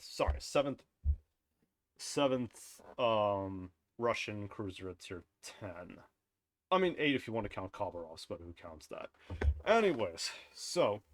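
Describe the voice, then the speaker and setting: A man's voice: fairly low pitch, slight background noise. A man casually reviewing a game's dev blog, rambling and offhand, often correcting himself mid-sentence and chuckling at his own jokes. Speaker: game content creator reviewing a dev blog. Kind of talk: casual commentary over screen content.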